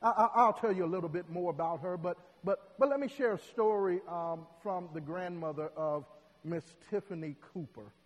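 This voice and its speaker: A man preaching a sermon, telling a story dramatically and building to loud, emotional peaks. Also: sits high, moderate pace. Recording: long hall reverb.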